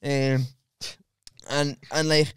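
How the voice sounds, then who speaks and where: A young Liverpool man with a high, smooth voice tells crude stories in a casual podcast chat. He rambles and restarts often, and the sound is close and dry on a studio mic. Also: level tone, very slow, a bit bright, dry recording. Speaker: podcast co-host.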